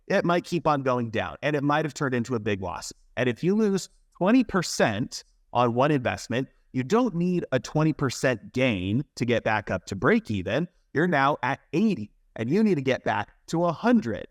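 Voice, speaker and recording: A young man, a guest on a podcast, explaining trading in a casual, animated way and asking rhetorical questions. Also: medium pitch, normal speed, hardly any pauses, no echo, clean studio sound.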